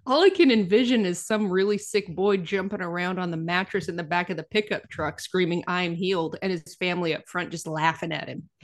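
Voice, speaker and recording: A woman's voice: on the low side, a little fast, few pauses. A woman co-hosting a comedy podcast, adding joking riffs in casual chat.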